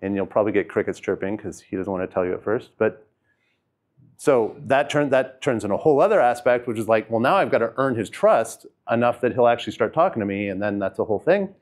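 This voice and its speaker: A man giving a loose self-help talk, with a voice that sits a little low. He rambles with fillers and restarts and goes quiet and soft when the subject gets heavy. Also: expressive, fast. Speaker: host sharing personal experience.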